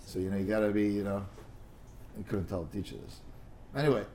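A man's voice: fairly low pitch, fast, warm tone. Guy rambling through a study class, keeps repeating words, faint hiss behind. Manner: mixes English with Hebrew and Aramaic terms. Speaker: Talmud class teacher. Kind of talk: casual study-class lecture.

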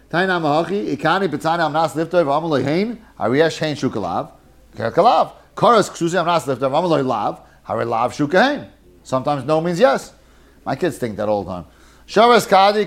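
A man teaching a lively Talmud class, mixing Hebrew and Yiddish terms and joking with his students. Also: on the high side.

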